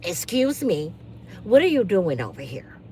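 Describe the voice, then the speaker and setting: A woman's voice: mid-range voice, very animated, a little slow, dark tone, slight background noise, pitched below the performer's own voice. A woman voicing a suspicious, confrontational neighbor woman who accuses and taunts.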